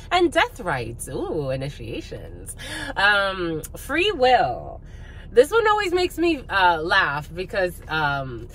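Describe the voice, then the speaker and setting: A woman's voice: low voice, a little hiss or hum. Blunt, profane woman giving a tarot reading. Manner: blunt, profane, rants with laughs; calls viewers "my lovies". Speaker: spiritual reader.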